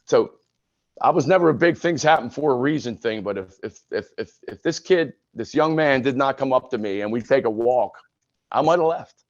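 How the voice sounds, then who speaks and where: A man's voice: medium pitch, animated, normal speed, no room sound. Frank older man telling his story. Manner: frank, conversational, with many restarts. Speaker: podcast guest, retired sports broadcaster. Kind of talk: candid personal storytelling. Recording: dull lo-fi recording.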